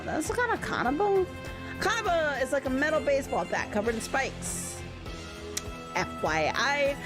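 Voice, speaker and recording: A woman's voice: mid-range voice, lightly acted. A woman putting on a pompous old demon samurai grandpa. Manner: haughty, threatening, doting. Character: pompous old male demon samurai ancestor, fiercely protective.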